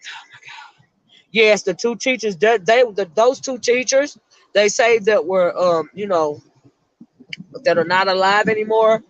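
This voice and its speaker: A middle-aged woman, a retired school counselor, hosting an emotional live-stream chat and speaking haltingly to her viewers. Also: medium pitch, dry recording, muffled recording. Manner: emotional, halting, repeats words while talking to her chat.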